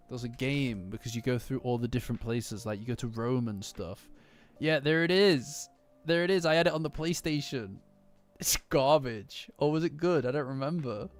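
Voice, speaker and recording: A rambling streamer from Nottingham, England, with a Nottingham English accent and a mid-range voice, reacts to a manga chapter with his chat. Easily distracted and self-mocking, he keeps the live-stream talk casual over faint lofi music.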